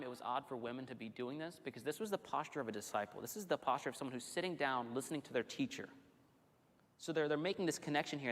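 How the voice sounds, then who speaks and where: Male pastor, sermon in a church; animated, rapid storytelling delivery, echoing hall. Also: mid-range voice. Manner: conversational, animated storytelling with restarts. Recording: long hall reverb.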